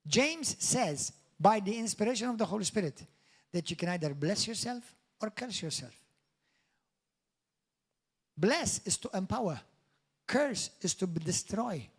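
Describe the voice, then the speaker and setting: A man's voice: high voice, animated, measured pace, pauses often, slightly rough. A man preaching a sermon as pastor, in an emphatic, declamatory style that builds to exclamations. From Malta.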